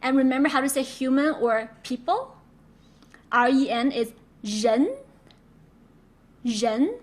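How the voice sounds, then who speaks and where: A woman's voice: high voice, normal speed. A woman teaching Mandarin pronunciation in an online lesson, patiently demonstrating sounds and repeating words for students to copy. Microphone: own microphone.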